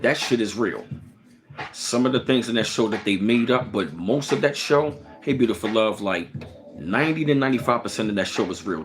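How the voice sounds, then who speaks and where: A man's voice: fairly low pitch, noisy background. A man with a Baltimore accent, chatting casually on a live stream and greeting viewers by name. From Baltimore, Maryland. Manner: relaxed, greets chat by name.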